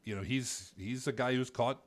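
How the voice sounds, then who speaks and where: A man's voice: mid-range voice, moderate pace. A man hosting a casual fantasy football podcast, with a dry, wisecracking way of talking. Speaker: podcast host. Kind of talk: casual chat.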